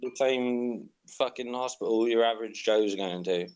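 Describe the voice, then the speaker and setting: A man's voice: medium pitch, normal speed, darkish tone, smooth, poor audio. A man joining a casual chat over a remote call, blunt and sweary as he rants. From Britain.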